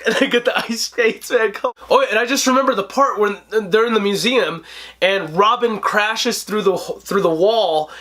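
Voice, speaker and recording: Young guy ranting about a movie on his vlog, high voice, laughs a lot. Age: 20s. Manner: animated, joking, laughs often. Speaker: host. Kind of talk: casual movie review vlog.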